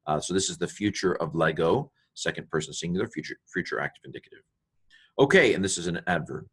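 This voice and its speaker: A man with a deep, low-pitched voice walks through a Greek text like a teacher at his desk. He thinks aloud, naming tenses and participles between frequent ums. Small grammar discoveries delight him. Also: expressive, fast, fairly bright tone, husky. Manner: thinks aloud, parsing each word with many ums and asides. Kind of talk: informal walkthrough of a Greek text.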